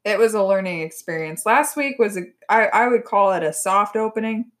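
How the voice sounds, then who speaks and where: A woman in her thirties chatting casually, telling animated stories and acting out quotes, swearing freely. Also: medium pitch, moderate pace. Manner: animated storytelling, acts out quotes with profanity. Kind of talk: casual chat.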